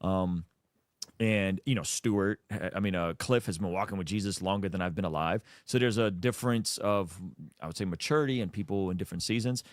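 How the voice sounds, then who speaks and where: A man's voice: sits low, fairly quick, no echo, clean studio sound. A man speaking as a guest in a casual chat, earnest and reflective, choosing his words with care.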